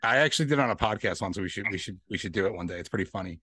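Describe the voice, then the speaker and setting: A man's voice: lowish voice, rapid-fire, bright, forceful tone, breathy edge, no room sound, clean studio sound. A man chatting casually on a podcast, laid-back, swearing and laughing often. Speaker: podcast host.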